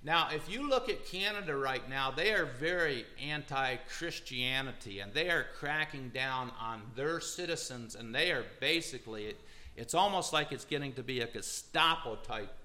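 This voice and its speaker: A man's voice: mid-range voice, animated, moderate pace, bright, forceful tone, low-quality recording. A man giving a sermon-style talk, reading quotes aloud with emphatic stress. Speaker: preacher.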